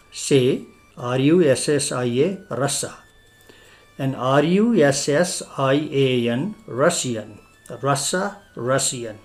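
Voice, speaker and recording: Male English teacher from Nepal, Nepali accent, slow and deliberate, spells each word letter by letter over faint music. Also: mid-range voice. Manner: spells words out letter by letter, methodical. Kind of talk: spoken language lesson.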